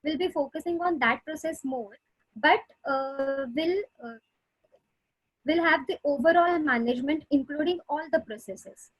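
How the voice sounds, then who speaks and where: A woman's voice: sits high, measured pace, no room sound, rough recording. A woman speech therapist giving a webinar lecture over a video call, explaining patiently with many fillers and restarts. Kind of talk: webinar lecture answering questions.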